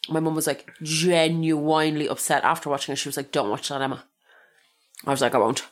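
A young Irish woman co-hosting a podcast in casual chat, reacting quickly to her friend's stories. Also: low-pitched, fairly even intonation. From Ireland. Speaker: podcast co-host.

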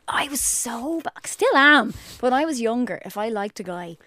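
A woman's voice: on the high side, soft background music. Chatty Dublin woman co-hosting. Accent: Dublin Irish. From Ireland. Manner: lively, chatty, quick to laugh. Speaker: podcast co-host. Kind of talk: casual chat.

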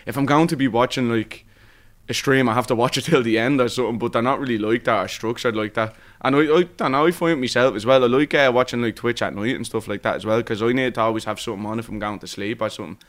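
A man's voice: mid-range voice, fast. A young man with a Dublin accent chatting casually as a streamer guest, rambling and swearing with lots of fillers. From Ireland. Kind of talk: casual podcast chat.

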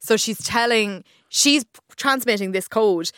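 A woman's voice: fairly high pitch, measured pace, fairly bright tone, clear, resonant tone, no echo, clean studio sound. An Irish woman chatting casually on the radio as a TV reviewer, laughing often and restarting her sentences. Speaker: TV and film reviewer.

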